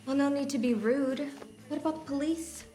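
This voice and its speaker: An actress playing a sensible, dry-witted wife in a horror comedy film, calm and matter-of-fact. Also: female voice, high-pitched, moderate pace, natural voice. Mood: wry.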